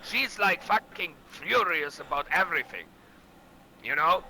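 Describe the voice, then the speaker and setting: Man, bandit-boss roleplayer in game chat; high, sharp, profane and boastful. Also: lively intonation, a little slow, slight background noise, low-quality recording. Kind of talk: in-character roleplay storytelling.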